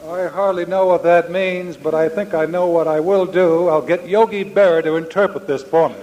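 Older guy telling old ballplayer stories at a banquet, kinda high voice, faint hiss behind. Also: fairly even intonation, normal speed, darkish tone, muffled recording. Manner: folksy storytelling, addresses the audience directly. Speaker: former ballplayer giving a speech. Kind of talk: after-dinner anecdote speech. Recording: reverberant hall with faint background noise.

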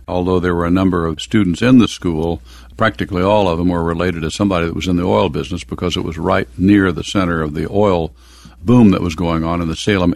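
A man's voice: low voice, vocal fry, no echo. An older man from the American Midwest telling stories from his youth in an oral history interview, chuckling now and then.

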